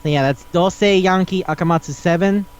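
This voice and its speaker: Guy on a podcast rambling about manga, slightly high voice, acts out all the lines, kinda muffled lo-fi audio. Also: fairly quick, smooth. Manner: animated storytelling, acts out characters' lines. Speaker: podcast host. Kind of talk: casual chat.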